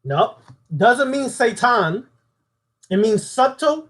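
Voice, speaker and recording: A man's voice: sits high, lively intonation, measured pace, darkish tone. A man giving a spoken occult lesson, preaching and putting questions to his audience. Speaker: occult teacher.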